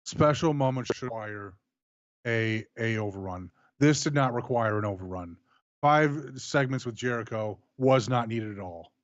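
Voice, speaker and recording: A man's voice: mid-range voice, normal speed, no room sound. Frank male co-host, dull lo-fi sound. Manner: frank, repeats himself, swears. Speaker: co-host of a wrestling review show. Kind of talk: casual chat.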